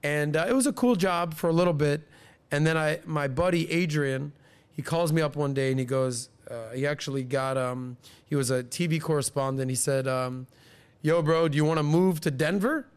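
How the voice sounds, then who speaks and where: Man host, thirties, lively anecdote teller, slightly higher voice, casual podcast chat. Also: moderate pace, smooth. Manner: animated, acts out quoted people in higher voices.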